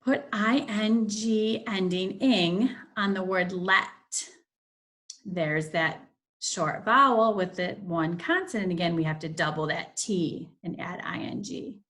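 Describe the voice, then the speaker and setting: A woman teaching a phonics lesson, slowly reading each word aloud and repeating it with care. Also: medium pitch, fairly bright tone.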